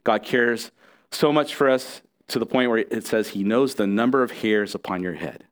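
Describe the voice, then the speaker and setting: A man's voice: lowish voice, moderate pace. Earnest, conversational male pastor preaching. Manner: conversational and earnest, with frequent restarts and asides. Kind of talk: sermon.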